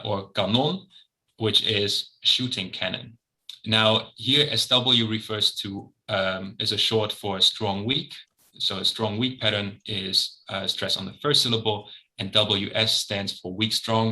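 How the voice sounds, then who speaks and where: A man's voice: on the low side, sharp tone, poor audio. A man presenting a research study at an academic conference, explaining methods and results with frequent ums and uhs.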